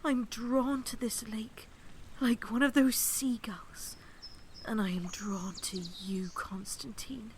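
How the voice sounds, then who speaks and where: An actress playing a young woman who is dreamy and yearning, speaking in a hushed, breathy way in an audio drama. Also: medium pitch, takes it slowly, a little hiss or hum, natural voice. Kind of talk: radio play acting.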